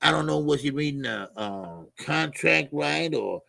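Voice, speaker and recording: A high-pitched man with a gravelly, husky voice rants loudly about boxing. He shouts and swears often. The sound is dry and close. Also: a little slow, dry recording. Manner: animated, shouting rants, profane, laughing. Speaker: boxing commentary channel host. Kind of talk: loud casual commentary.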